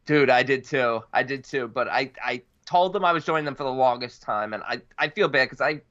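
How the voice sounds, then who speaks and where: A man's voice: mid-range voice, fairly quick, sharp tone, highs cut off. A man co-hosting a podcast, chatting in a laid-back way and often baffled by the banter. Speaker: podcast co-host. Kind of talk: casual chat.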